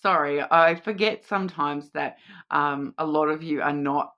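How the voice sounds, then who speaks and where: A woman's voice: deep voice, measured pace, a bit bright. A woman with an Australian accent, giving a casual, reassuring card reading to camera, chatty, with many fillers and restarts. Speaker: card reader.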